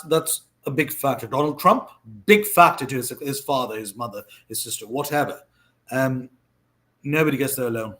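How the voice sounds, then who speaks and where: A man giving earnest life advice in a monologue, emphatic and preachy, repeating phrases for stress. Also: mid-range voice. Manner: swings between loud stress and soft asides.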